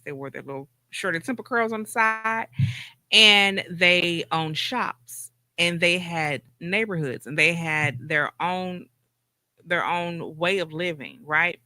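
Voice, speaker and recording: A woman with a very bright, ringing voice talks casually on a podcast, circling back and restarting her sentences as she tells a long story. The sound is close and dry, with no room around it. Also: on the low side, no echo. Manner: rambling, with many restarts and fillers. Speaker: podcast co-host.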